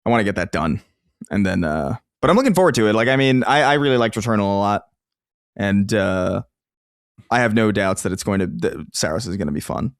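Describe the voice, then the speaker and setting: A man chats on a podcast with a lively, swinging pitch, stopping and restarting as he thinks. The recording is dry and close. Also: a little fast, clean tone, no room sound. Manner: animated, hesitant restarts. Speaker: podcast co-host. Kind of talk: casual chat.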